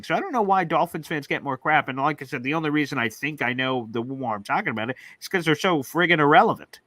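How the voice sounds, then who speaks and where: Bright-voiced opinionated man hosting a stream. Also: a little high, animated, quick pace, few pauses, no room sound. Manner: rambling, opinionated, lots of fillers. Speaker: host. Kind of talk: casual sports talk livestream.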